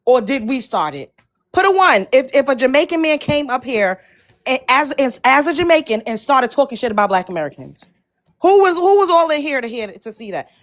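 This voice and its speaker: A woman's voice: high voice, very animated, brisk. A woman on a livestream panel, talking in a combative, profane, emphatic way. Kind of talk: heated livestream panel talk.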